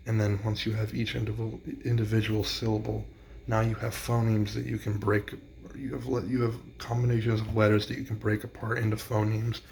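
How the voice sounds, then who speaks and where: A man's voice: fairly low pitch, vocal fry, darkish tone, slight background noise. A man explaining a classroom teaching strategy in a plain, practical way. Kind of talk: instructional explainer.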